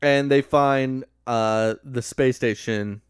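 Speaking slowly with fairly even intonation, this podcast co-host has a clear, resonant medium-pitched voice, captured studio-quality with no room sound. His movie recap is casual, sarcastic and profane, and he keeps cracking himself up.

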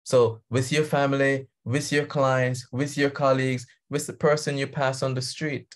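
A man's voice: medium pitch, little pitch movement, normal speed. A man coaching leaders, talking conversationally over a video call and laughing easily. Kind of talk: guest talk on a video call.

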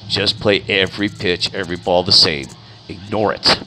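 A man's voice: sits low, normal speed, music in the background, rough recording. A man who coaches youth baseball, telling stories in a casual monologue and acting out the people he quotes. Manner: animated, acts out quoted people in raised voice.

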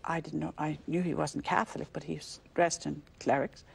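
A woman's voice: deep voice, fairly even intonation, fairly quick, gravelly, husky. An older woman from Ireland with an Irish accent, a religious sister telling the story of her calling in a conversational interview, acting out the voices in it and laughing easily.

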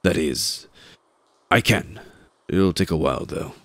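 A man's voice: sits low, slow, a bit bright, dry recording, full character voice. A man voicing a stiff, prickly male career bureaucrat in an audiobook reading, speaking formally. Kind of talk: audiobook character voice.

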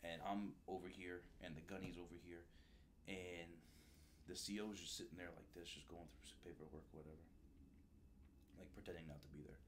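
A man telling stories from his time as a recruiter in a relaxed, animated way, peppered with slang and swearing. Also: deep voice, brisk, slight background noise. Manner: animated, swears freely, says "dude" and "bro" often. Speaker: guest, former Marine recruiter. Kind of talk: casual storytelling.

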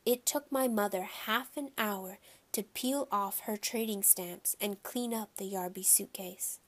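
A woman narrating a children's audiobook in the first person, telling the story in a steady, clear way. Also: medium pitch, unhurried.

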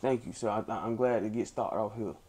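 A man's voice: lowish voice, brisk, a little mellow, a little hiss or hum, lightly acted. A man acting out an angry young man who storms off for bear spray, groaning and sighing theatrically. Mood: mock fuming. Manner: fuming, theatrical sighs and groans.

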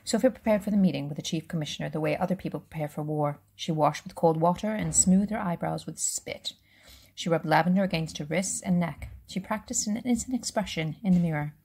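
A woman reading a children's novel aloud, relaxed, with casual asides and self-corrections. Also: deep voice, a little fast, creaky, husky. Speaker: reader.

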